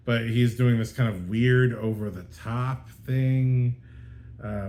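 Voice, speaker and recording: Exasperated man with a mellow voice. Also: mid-range voice. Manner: exasperated, ranting, lots of fillers and restarts. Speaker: podcast host. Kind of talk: casual spoken movie review.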